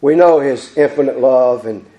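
A man's voice: mid-range voice, normal speed, mellow. A man preaching a sermon, fervent and repetitive, stumbling over restarts. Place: church sanctuary. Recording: echoey church hall.

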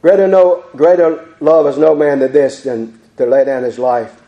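A man's voice: fairly high pitch, fairly even intonation, normal speed, dull audio. A man preaching a sermon, fervent and repetitive, stumbling over restarts. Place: church sanctuary. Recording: echoey church hall.

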